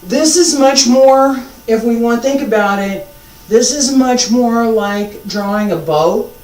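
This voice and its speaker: Slow-spoken teacher heard from afar. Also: medium pitch, a little mellow. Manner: slow, patient, repeats key points, self-deprecating humor. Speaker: martial arts teacher. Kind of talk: live instruction with demonstration. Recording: echoey room, mic far off.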